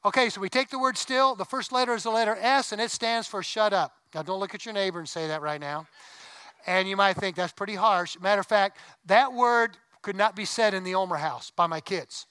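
A man's voice: sits high, a little fast, pushed and bright, smooth, dry recording, poor audio. A middle-aged man preaching a sermon as pastor, conversational, with asides and rising emphasis. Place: church sanctuary.

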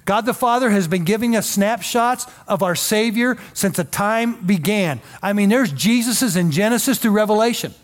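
A man's voice: high voice, moderate pace, few pauses. A male pastor preaching a sermon in a folksy, emphatic way with joking asides.

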